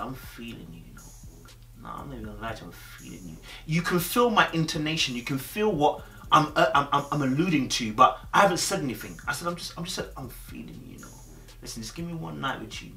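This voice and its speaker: A man's voice: on the high side, pushed and bright, echoey room. A young man talking casually to camera, chatty and streetwise, often checking in with "you understand?". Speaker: host.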